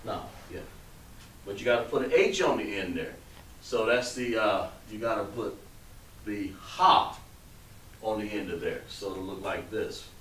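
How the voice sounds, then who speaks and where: Male teacher, slow and patient, heard from across an echoey room. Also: fairly low pitch, fairly bright tone. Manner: patient, coaxing, trails off while writing. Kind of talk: classroom instruction. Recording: roomy, distant mic with background noise.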